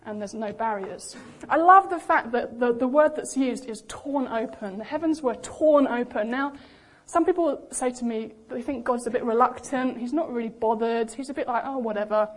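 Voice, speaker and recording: A young woman preaching a sermon in a lively, animated way, acting out the voices she quotes. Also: fairly high pitch, normal speed, hardly any pauses. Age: young adult.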